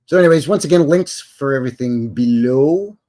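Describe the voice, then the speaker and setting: A man's voice: mid-range voice, brisk, mellow. An older man with a Canadian accent, hosting a live stream in a rambling, folksy and jokey way with slangy asides. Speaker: livestream host. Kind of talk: casual live chat.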